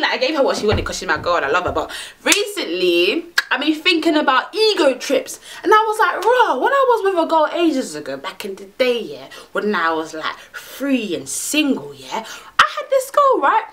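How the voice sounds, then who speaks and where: Woman, young adult, fairly high voice, very lively intonation, brash, slangy, profane, vlog monologue. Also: brisk, hardly any pauses. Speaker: vlogger. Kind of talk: casual monologue to camera.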